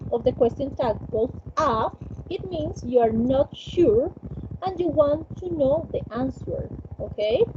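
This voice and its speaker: High-voiced woman teaching English online. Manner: frequent "okay?" checks, clear explaining. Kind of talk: online class explanation. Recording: dull lo-fi call audio with clear noise.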